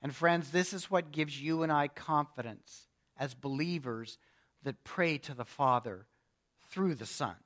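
High-voiced man preaching a sermon. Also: unhurried, fairly bright tone. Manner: expository preaching, reads scripture aloud with emphasis. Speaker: pastor.

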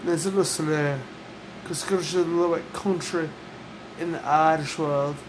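A woman's voice: low voice, fairly even intonation, moderate pace. A woman co-hosting a podcast, a bit tipsy, swearing a lot and putting on a mock Irish-Scottish accent. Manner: profane, combative, talks over others. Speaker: podcast co-host. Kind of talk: casual argumentative chat. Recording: noisy room with humming air conditioner.

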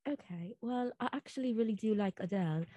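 A woman on a casual chat show, speaking softly and hesitantly. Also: on the low side, fairly even intonation, moderate pace, no room sound. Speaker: show crew member.

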